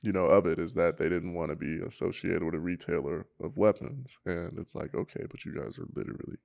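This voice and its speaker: A man's voice: deep voice, fairly even intonation, brisk, gravelly, darkish tone, no room sound. A man co-hosting a podcast, casually relaying news stories in a laid-back way, chuckling as he goes. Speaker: podcast co-host. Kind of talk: casual chat.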